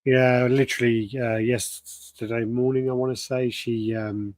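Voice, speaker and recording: A man's voice: medium pitch, little pitch movement, unhurried, a little mellow, no echo. Man telling a chatty story. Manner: storytelling, acts out quoted lines. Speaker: podcast co-host. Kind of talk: casual chat.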